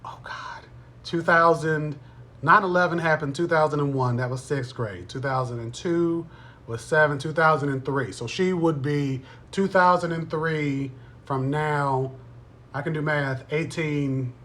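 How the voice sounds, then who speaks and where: A man's voice: on the high side, a little slow, fairly bright tone. A man in his thirties hosting a live stream, chatting casually with viewers in a playful, teasing way. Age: 30s.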